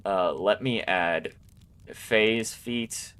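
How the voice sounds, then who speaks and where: A man running an online tabletop game as game master, talking in a relaxed, rambling way with many fillers. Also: on the low side, extremely slow.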